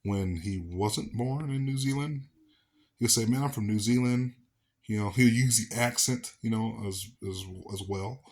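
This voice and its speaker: Rambling low-voiced man vlogging. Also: unhurried. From Southern United States. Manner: rambling, many fillers and restarts, conversational. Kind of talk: casual commentary to camera.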